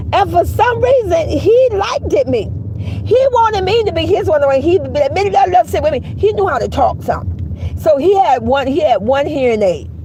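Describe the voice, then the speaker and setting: A woman telling a story in casual, animated vlog style, cursing freely and calling her listeners girl and baby. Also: sits high, slight background noise, low-quality recording.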